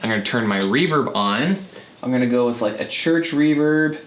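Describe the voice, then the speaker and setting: A man hosting his own music gear channel, walking through a guitar pedal demo in a relaxed, chatty way with some fillers. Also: mid-range voice, normal speed, echoey room, a little hiss or hum. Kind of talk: casual gear demo walkthrough. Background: guitar effects playing between lines.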